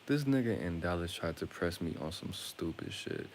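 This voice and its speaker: Deep-voiced man from Atlanta, streamer telling jokey stories, faint hiss. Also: big pitch swings, moderate pace, vocal fry, a little mellow. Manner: rambling, joking, crude. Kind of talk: casual storytelling to viewers.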